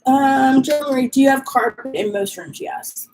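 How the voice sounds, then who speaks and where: A woman's voice: high voice, steady tone, moderate pace, a little mellow, faint music behind, low-quality recording. A woman hosting a casual live stream from her home, chatting and reading viewer comments aloud while dealing with allergies and a runny nose. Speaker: livestream host.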